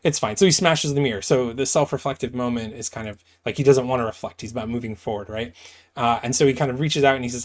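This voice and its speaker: A man's voice: medium pitch, fast. A man giving a casual, rambling commentary on a comic book. He talks conversationally, correcting himself as he goes.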